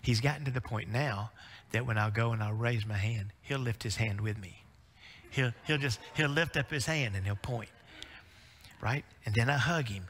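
A middle-aged man preaching a sermon, telling folksy family stories in an animated way. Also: mid-range voice, moderate pace. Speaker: pastor. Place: church sanctuary. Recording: reverberant church sanctuary.

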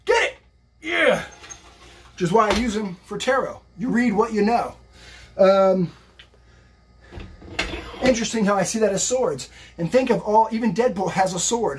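A man's voice: high-pitched, moderate pace, darkish tone, slight background noise. A man giving a casual, motivational live-stream tarot reading while lifting weights, rambling and upbeat. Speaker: psychic and fitness streamer.

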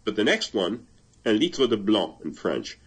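Low husky older man, thoughtful. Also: big pitch swings, a little slow. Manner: thoughtful, reads aloud, laughs often. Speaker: translator and guest. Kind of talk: conversational interview.

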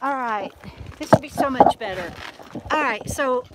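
A woman's voice: high voice, animated, normal speed, very noisy. A woman hosting a live chat outdoors at a campsite on a phone camera, chatty and laughing, often restarting her words. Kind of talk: casual live-stream chat.

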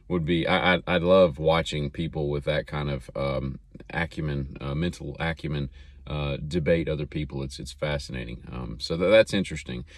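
Deep-voiced rambling man, dry close sound. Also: no echo. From American South. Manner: rambling, chatty, lots of fillers and restarts. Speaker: podcast host. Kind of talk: casual solo commentary.

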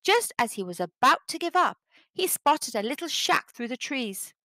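Storyteller, female, fairly high voice, animated delivery, dry close sound, children's read-aloud. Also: moderate pace, no room sound.

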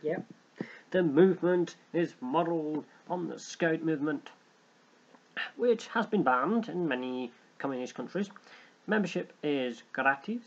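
A man's voice: fairly high pitch, unhurried, highs cut off. A young man hosting a let's play, joking and rambling as he reads game text aloud. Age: young adult. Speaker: gaming channel host.

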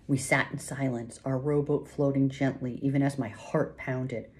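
A woman reading a novel aloud in first person, with measured, hushed suspense. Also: very deep voice, steady tone. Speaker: audiobook narrator. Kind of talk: scripted first-person narration.

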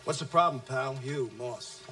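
An actor playing a brash, abusive male sales trainer who taunts his listeners, shouting one moment and dropping to low menace the next. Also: normal speed, a little hiss or hum, lightly acted. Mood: aggressive. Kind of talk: film acting.

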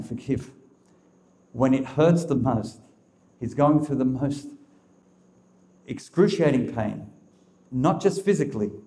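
A man's voice: medium pitch, mellow, echoey room. A man giving a religious teaching talk as a Catholic speaker, emphatic and full of rhetorical questions.

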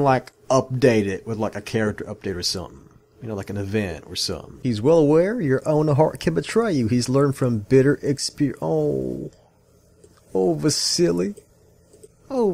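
A man in his thirties with an Australian accent, riffing on video game lore in a loose, rambling way. He talks casually and tosses "y'all" into his sentences. His pitch sits in the middle range for a man. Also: darkish tone. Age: 30s. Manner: chatty, rambling, often says "y'all". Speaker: gaming YouTuber.

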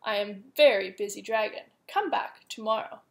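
A woman voicing a boastful male dragon from a storybook, speaking in a booming, bragging way. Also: normal speed, creaky, natural voice. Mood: impatient. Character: boastful big male dragon, loud and proud.

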